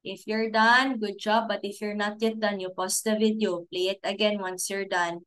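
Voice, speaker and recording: A woman teaching a recorded preschool class, talking slowly and sounding out letters step by step for small children. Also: mid-range voice, little pitch movement, fairly bright tone. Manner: slow, sounding out letters and giving simple steps.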